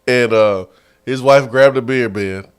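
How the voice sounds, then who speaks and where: A man hosting a sports radio show, telling a story in a casual, animated way and laughing often, recorded in a studio. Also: medium pitch, clear, resonant tone.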